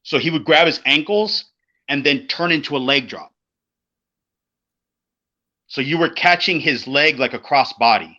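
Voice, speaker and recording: A middle-aged man co-hosting a casual podcast, telling an old road story in a profane, animated way and acting out the voices of the people in it. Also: fairly high pitch, a little slow, long pauses. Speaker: podcast co-host, former pro wrestler. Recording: dull lo-fi podcast audio.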